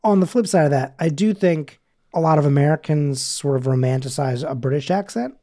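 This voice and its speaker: A man's voice: on the high side, a little fast, dark tone. A man co-hosting a podcast, talking in a rambling, casual way with lots of fillers and restarts. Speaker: podcast co-host. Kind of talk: casual chat.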